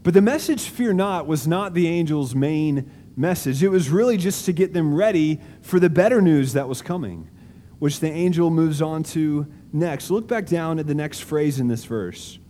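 A man preaching a sermon in a large auditorium, slow and deliberate with emphatic stresses and dramatic pauses. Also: on the high side, animated, warm tone, long reverb tail, a little hiss or hum. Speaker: pastor.

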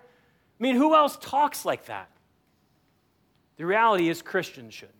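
A man preaches a sermon in a relaxed, conversational way. His voice sits high, and he slips into little acted-out snippets of everyday talk to make his points. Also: normal speed. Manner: conversational preaching, acts out quoted dialogue. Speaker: pastor.

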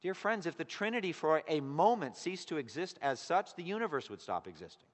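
A man preaching a sermon in an earnest way, his voice swelling loud on key words and then dropping to a hush. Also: fairly high pitch, very animated, brisk. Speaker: pastor. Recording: long echo of a large hall.

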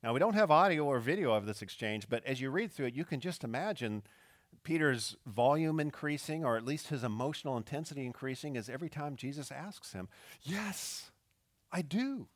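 A man's voice: medium pitch, animated, fairly quick, no echo, clean studio sound. A man preaching a sermon who tells a story and acts out its quotes, with his intensity rising and falling. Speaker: pastor.

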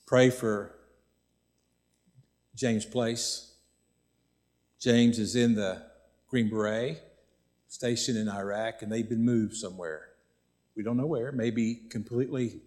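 A man's voice: medium pitch, slow pace, long pauses, darkish tone. A male pastor preaching a sermon in a folksy, conversational way, repeating phrases for emphasis.

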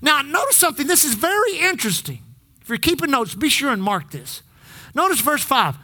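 High-pitched, lively preacher. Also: fairly quick. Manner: exhorting, call-and-response with the congregation. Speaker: pastor. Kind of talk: sermon. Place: church.

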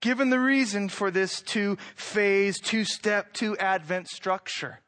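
A man giving a sermon as pastor, preaching in a conversational way, asking rhetorical questions and moving between quiet and loud passages. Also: high-pitched, slow.

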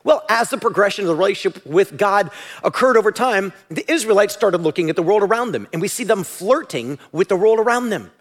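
A man preaching a sermon as pastor, animated and at times shouting. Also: high voice, fairly quick.

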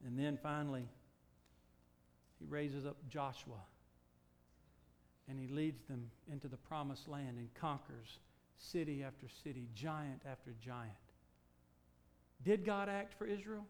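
A man preaching a sermon, emphatic and full of rhetorical questions, swinging from loud declarations to low, quiet points. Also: measured pace, long pauses.

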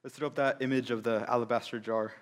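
A male preacher retelling a scripture story in an animated, conversational way, with rhetorical questions to the audience. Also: medium pitch, quick pace. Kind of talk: sermon storytelling.

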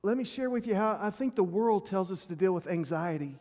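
High-voiced pastor preaching. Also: male voice, lively intonation, brisk, a little mellow. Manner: earnest, repeats words when stressing a point. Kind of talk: sermon. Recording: reverberant hall.

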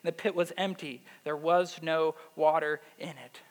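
A man with a fairly high voice preaches a lively sermon, throwing questions out to his listeners. His voice rings in a hall with a long reverb. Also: normal speed. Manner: animated, asks the audience questions. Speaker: pastor. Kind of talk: sermon with scripture reading.

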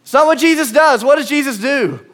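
A male pastor preaching a sermon, conversational and swinging from quiet asides to emphatic calls. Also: very high-pitched, lively intonation, a little fast.

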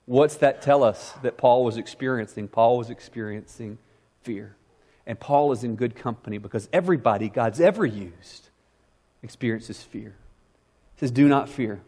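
A middle-aged man preaching a sermon with passion, often repeating words and restarting. He swings from raised, emphatic lines to a soft, low, close delivery. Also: moderate pace. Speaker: pastor.

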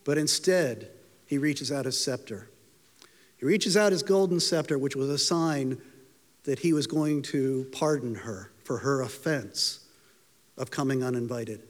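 A man preaching a sermon and retelling a story, lifting his voice when he acts out the people in it. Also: a little slow. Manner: storytelling, voices quoted lines with rising pitch. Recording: long hall reverb.

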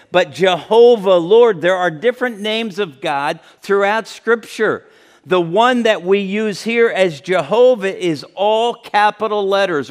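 Earnest male preacher, slightly high voice. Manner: earnest, emphatic preaching with repeated phrases and restarts. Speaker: pastor. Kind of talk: sermon.

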